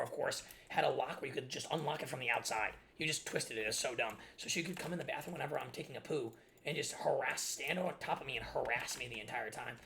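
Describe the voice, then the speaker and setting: A man's voice: mid-range voice, vocal fry, fairly bright tone, slight background noise. A young man streamer telling a rambling, exasperated story about his childhood while playing a game. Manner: rambling and exasperated, many restarts. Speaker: gaming streamer. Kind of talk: casual storytelling while gaming.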